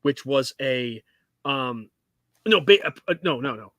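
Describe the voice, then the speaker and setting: A man co-hosting a casual podcast chat, an animated storyteller who swears freely and breaks into loud outbursts. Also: medium pitch, a little slow, dry recording. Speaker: co-host.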